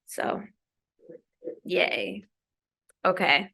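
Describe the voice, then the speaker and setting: A woman recites spoken-word poetry with measured, emphatic phrasing, leaning on each line for effect. Her voice sits at an ordinary middle pitch for a woman. She performs as an invited guest. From Maryland. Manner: deliberate, emphatic performance delivery.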